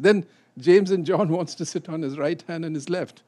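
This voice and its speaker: A man leading a Bible study, explaining scripture and acting out quotes with a rising, animated voice. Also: a little high, moderate pace.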